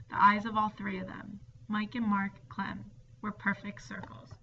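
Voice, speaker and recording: A woman reading a ghost story aloud, dropping to a hushed whisper at the scary parts. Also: medium pitch, monotone, unhurried, creaky, hardly any pauses. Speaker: narrator. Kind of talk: storybook narration. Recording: dull distant recording with faint hiss.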